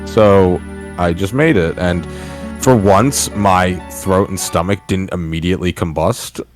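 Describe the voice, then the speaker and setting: Casting: low-voiced young guy co-hosting a stream, jokey, self-mocking, quick laugh, faint game music under him. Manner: laughs often, joking and self-deprecating. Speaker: streamer co-host. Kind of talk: casual chat.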